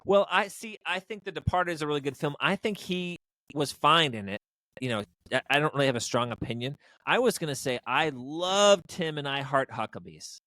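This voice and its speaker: A man's voice: on the high side, animated, normal speed, pushed and bright, dry recording. A man co-hosting a podcast, chatting casually about movies in a rambling, jokey way with lots of fillers. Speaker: podcast co-host. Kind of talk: casual movie review chat.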